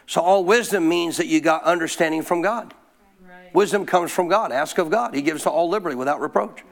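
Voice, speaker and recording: Middle-aged man, pastor, high voice, punchy call-and-response preaching. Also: a little fast. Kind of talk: sermon.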